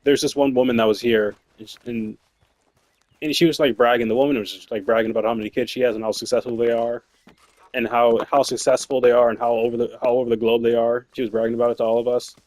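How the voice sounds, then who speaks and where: A man's voice: medium pitch, flat delivery, fast, a little mellow, no room sound. A young man telling work stories in a casual, rambling way, swearing and laughing often. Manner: rambling, profane, laughs often, many fillers. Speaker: streamer. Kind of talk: casual storytelling while gaming.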